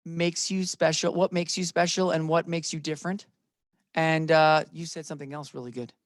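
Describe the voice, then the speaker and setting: A man's voice: fairly high pitch, level tone, normal speed, no room sound, studio quality. A man leading a real estate training session, playful and emphatic, talking to the room and to viewers online.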